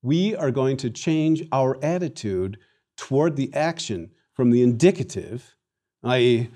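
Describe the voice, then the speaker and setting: Repetition drills fill this recorded Latin lesson, led by an animated, theatrical male teacher with a mid-range voice.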